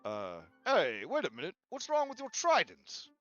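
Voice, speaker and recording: A man voicing a boisterous, forgetful male sea god with crab claws, talking loud and boastful. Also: fairly high pitch, big pitch swings, slow, pitched above the performer's own voice, full character voice. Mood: jovial. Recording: dull lo-fi with faint music.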